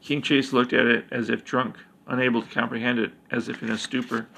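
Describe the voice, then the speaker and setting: Man, story narrator, gravelly, flat delivery, steady reading. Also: medium pitch, fairly quick, few pauses, slight background noise, poor audio. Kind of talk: reading a fantasy story aloud.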